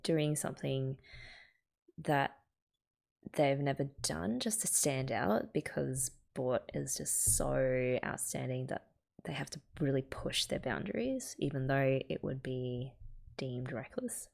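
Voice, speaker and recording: Low, gravelly Australian woman reacting to a comic. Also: lively intonation, unhurried, a little mellow. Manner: chatty, with filler ums. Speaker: host reading a manga and reacting. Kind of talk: casual read-along commentary.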